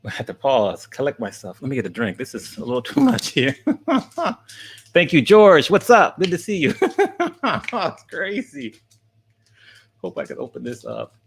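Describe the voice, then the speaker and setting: Excited male streamer thanking his viewers. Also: on the high side, a little slow, slight background noise. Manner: excited, laughing often, thanking viewers by name. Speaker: streamer and college teacher. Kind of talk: live stream chat with viewers.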